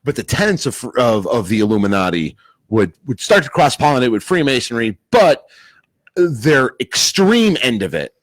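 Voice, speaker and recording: A man co-hosting a casual podcast chat, rambling a bit and laughing loudly. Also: medium pitch, sing-song, moderate pace, no echo. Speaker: podcast co-host.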